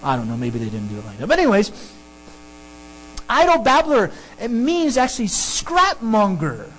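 A pastor preaching a sermon and teaching through a Bible passage, emphatic and animated. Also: moderate pace, poor audio. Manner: animated, emphatic preaching with sudden pitch jumps.

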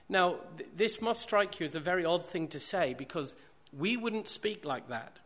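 A man's voice: a little high, expressive, normal speed, fairly bright tone. A man preaching a sermon, repeating phrases for emphasis and posing rhetorical questions to the congregation.

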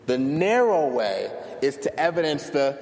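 A male pastor preaching a sermon to a congregation, telling stories in an animated way and clapping as he talks. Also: fairly high pitch, unhurried. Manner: animated storytelling, claps while preaching. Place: church sanctuary before a congregation. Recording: long hall reverb, faint noise.

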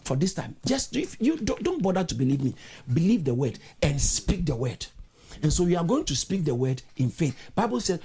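Fervent sermon voice, husky, with a wide-ranging pitch; shouts declarations, drops to earnest pleading. Online meeting. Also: sing-song, normal speed. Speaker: preacher. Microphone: online video meeting.

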